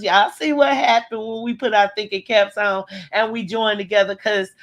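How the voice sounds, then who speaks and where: Middle-aged woman, casual livestream host; bright tone, lively slangy delivery, home webcam mic. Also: a little high. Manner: animated, greets viewers by name, slangy. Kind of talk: casual livestream commentary, greeting chat.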